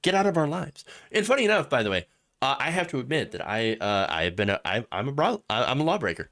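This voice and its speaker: A man hosting a live political commentary show, sarcastic and animated, laughing at his own jokes. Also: medium pitch, fast talker. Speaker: host.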